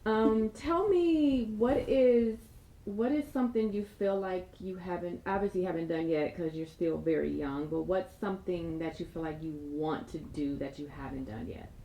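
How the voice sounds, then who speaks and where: A woman hosting an interview, asking questions in a warm, encouraging way. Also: lowish voice, normal speed, echoey room, slight background noise, low-quality recording. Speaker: interview host. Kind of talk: casual interview.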